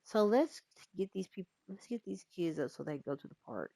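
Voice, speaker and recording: A woman's voice: fairly low pitch, very animated, a little fast, creaky, dark tone, slight background noise. A woman chatting casually to viewers as she narrates her life-sim gameplay. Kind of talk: casual let's-play commentary.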